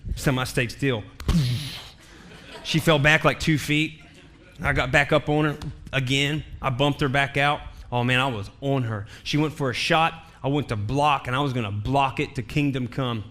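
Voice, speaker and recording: A man's voice: medium pitch, fairly even intonation, moderate pace, a bit bright. A male pastor preaching a sermon in a church, telling a story with humor and emphatic repetition.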